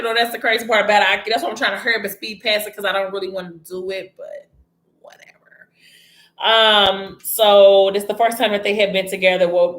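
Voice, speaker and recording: A woman's voice: mid-range voice, pushed and bright. Give me a chatty woman casually retelling a story, with a roomy echo. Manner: chatty, breaks off to scold someone nearby.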